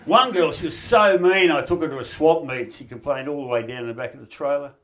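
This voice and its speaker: Crude Australian stand-up man, slightly high. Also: a little fast, very noisy. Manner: crude, wry punchline delivery. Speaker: stand-up comedian. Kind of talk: stand-up comedy set. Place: small backyard shed.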